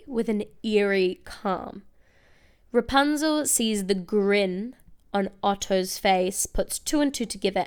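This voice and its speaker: A young woman hosting a casual, comedic recap, chatty and wry with quick asides. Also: mid-range voice, darkish tone, clear, resonant tone. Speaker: video essay host.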